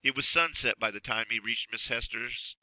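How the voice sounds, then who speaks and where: A man narrating a children's storybook in an expressive, measured way. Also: mid-range voice, dry recording, rough recording. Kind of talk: storybook reading.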